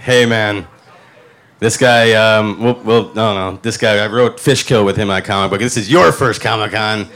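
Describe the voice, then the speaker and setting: A man's voice: fairly low pitch, moderate pace, fairly bright tone. A man hosting a live podcast panel, enthusiastic and casually swearing. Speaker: podcast host. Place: convention panel before a crowd.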